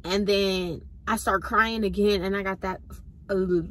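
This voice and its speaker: A woman's voice: medium pitch, fairly even intonation, a little slow. A young woman casually telling a storytime to her viewers, chatty and full of slang. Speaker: vlogger.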